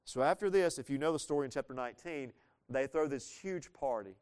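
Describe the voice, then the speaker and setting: A man preaching a sermon, explaining a Bible story in a conversational way with playful asides and reading scripture slowly. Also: medium pitch, animated, darkish tone, clear, resonant tone.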